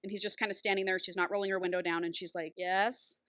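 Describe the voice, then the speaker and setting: A woman podcast co-host recapping a novel in casual, animated storytelling with casual profanity. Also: lowish voice, very fast, no room sound.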